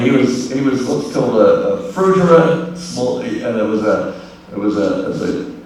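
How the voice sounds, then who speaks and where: A man's voice: fairly low pitch, recorded from a distance, slight background noise. Older man, echoey hall. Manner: relaxed storyteller, wry humour, frequent restarts. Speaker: guest speaker. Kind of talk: anecdotal speech at an awards ceremony. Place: large hall at a public ceremony.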